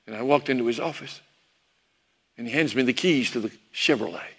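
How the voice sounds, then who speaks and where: A man's voice: medium pitch, brisk, long pauses, fairly bright tone, slightly rough. Man preaching a fond memory in a hall. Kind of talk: sermon storytelling. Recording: long hall reverb.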